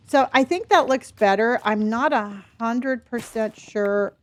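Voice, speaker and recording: Middle-aged woman, livestreamer, casual game chat, rambling, laughing, slightly high voice. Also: a little slow. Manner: chatty, rambling, laughs often, reads chat. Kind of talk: casual chat while gaming.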